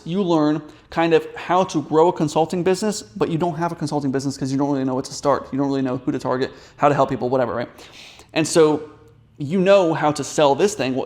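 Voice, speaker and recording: Business coach, male, quick rambling delivery to camera. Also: a little high, a little mellow. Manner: rambling, fast, many fillers and restarts. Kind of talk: casual storytelling to camera.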